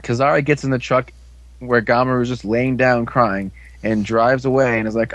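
A man's voice: medium pitch, fairly even intonation, moderate pace, no room sound, lo-fi sound. A man casually recapping an episode as a podcast co-host, rambling with lots of fillers. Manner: rambling, filler-heavy storytelling.

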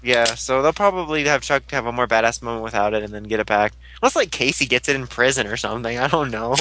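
A man's voice: medium pitch, bright, forceful tone, poor audio. A man in a casual chat, guessing what comes next and laughing easily. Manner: chatty, speculative, quick to laugh. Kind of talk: casual chat about a TV show.

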